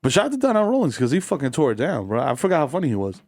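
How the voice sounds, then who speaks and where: Bronx guy on a podcast telling a story, lots of cursing, voice a bit high. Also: huge pitch swings, rapid-fire, a little mellow, dry recording, studio quality. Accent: New York, Bronx. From the Bronx, New York. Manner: profane storyteller, acts out his own reactions. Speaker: podcast co-host. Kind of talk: casual comedic banter.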